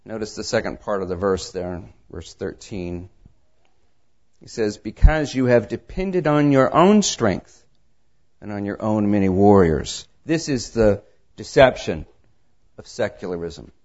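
A man preaching a sermon, reading scripture and telling stories, his delivery swinging between quiet asides and raised emphasis. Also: lowish voice, expressive, unhurried. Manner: tells anecdotes with acted dialogue. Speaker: pastor. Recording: dull lo-fi sermon recording.

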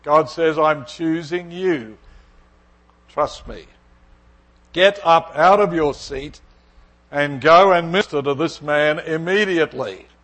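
A man's voice: fairly high pitch, unhurried, a bit bright. A middle-aged male pastor preaching, telling a personal story and acting out its dialogue. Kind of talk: sermon with storytelling.

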